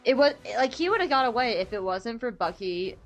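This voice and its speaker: A young woman with a fairly high voice chats excitedly on a fan podcast, giggling and swearing freely. Faint music runs quietly underneath. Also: moderate pace, dull audio. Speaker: podcast co-host. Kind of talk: casual fan chat.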